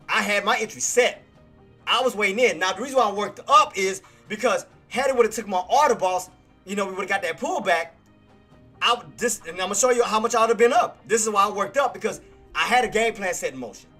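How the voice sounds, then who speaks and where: An excitable male streamer talks through live trades, repeating himself and apologizing a lot. His voice sits high and bright. Faint music plays under him. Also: a little fast, slightly rough. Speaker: livestream trading streamer. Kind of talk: live commentary chat.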